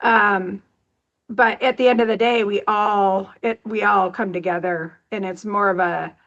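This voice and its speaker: Chatty woman, dull lo-fi sound. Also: medium pitch. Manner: upbeat, chatty, laughs easily. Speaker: podcast guest, company executive. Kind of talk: casual interview talk.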